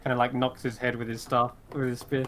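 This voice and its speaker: A man's voice: medium pitch, little pitch movement, fairly quick, fairly bright tone, slight background noise. Man narrating as game master. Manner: loose, offhand narration.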